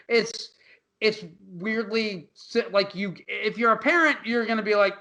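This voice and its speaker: Male podcast co-host with a high, bright voice, loose and profane while recapping films. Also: fairly even intonation, unhurried, rough recording. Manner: loose, profane, laughing storyteller. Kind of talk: casual movie-recap chat.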